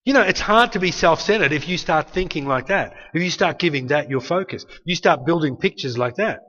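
A man's voice: on the high side, lively intonation, a little fast, fairly bright tone. A man, preaching an earnest, conversational sermon and speaking prayers aloud. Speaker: pastor. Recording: dull sound with long hall reverb.

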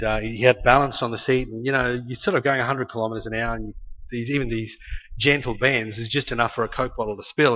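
A man's voice: mid-range voice, fairly bright tone. An Australian man preaching, telling a family story in a loose, conversational way with many restarts. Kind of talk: sermon storytelling. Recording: slightly muffled lo-fi recording.

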